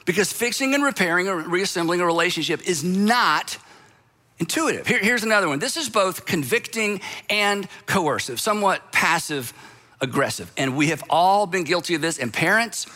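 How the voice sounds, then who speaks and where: A man delivers a sermon in an easy, conversational way, leaning on emphasis and slipping into little acted-out quotes. His voice sits high for a man and has a bright, forward edge. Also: animated, moderate pace. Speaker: pastor.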